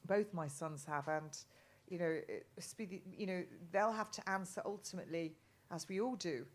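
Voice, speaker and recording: A woman's voice: lowish voice, normal speed. A middle-aged woman from England talking as a guest in a casual live chat, rambling with many restarts and ums.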